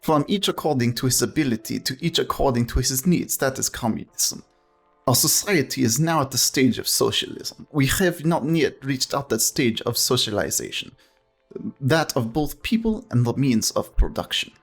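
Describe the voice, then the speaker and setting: A stern male Soviet dictator, put on by a man reading game lines with a thick Russian accent. His lecturing delivery is slow and pompous, and his pitch swings widely over a gravelly, husky voice. Faint music plays behind him. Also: animated. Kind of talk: reading game dialogue aloud.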